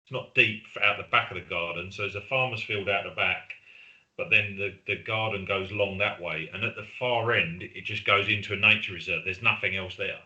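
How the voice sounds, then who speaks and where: A middle-aged Englishman with a low, very bright and forceful voice, talking casually as a podcast co-host. He rambles through stories and acts out what friends said to him. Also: brisk, lo-fi sound. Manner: chatty storyteller, acts out quoted friends. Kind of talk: casual chat.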